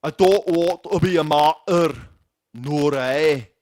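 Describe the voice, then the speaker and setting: A blustering Scottish freedom fighter, as a man puts on the accent for laughs. The brogue is thick and overdone, loud and theatrical. The voice is close and dry, with no room around it. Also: on the high side, slow, dry recording, pitched above the performer's own voice. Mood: hammy defiant. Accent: mock Scottish. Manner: loud, hammy, rolling brogue. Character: blustering male Scottish rebel hero, stage-accent impression.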